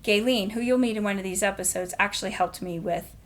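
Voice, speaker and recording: A woman hosting a podcast, telling a story in a casual, animated way and laughing often. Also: mid-range voice, quick pace. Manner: animated, laughs often, acts out quoted voices. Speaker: podcast host.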